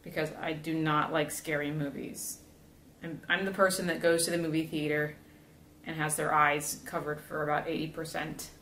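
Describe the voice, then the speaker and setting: A woman's voice: low-pitched, little pitch movement, moderate pace, a bit bright. A young woman from South Florida chatting casually, rambling with lots of fillers while she builds a gingerbread house. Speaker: vlogger. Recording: echoey room, faint background hiss.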